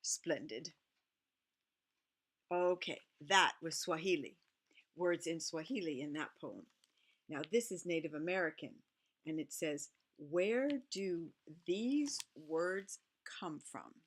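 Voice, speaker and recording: A woman's voice: low voice, animated, slow. A middle-aged woman reading a picture book aloud, chatting and musing between lines and playing the animal sounds. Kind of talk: casual read-aloud with asides.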